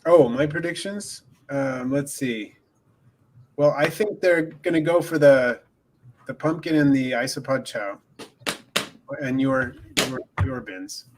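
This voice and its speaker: A man's voice: mid-range voice, slow, background noise. A man chatting casually on a livestream in an easygoing, hesitant way, often chuckling. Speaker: guest isopod keeper.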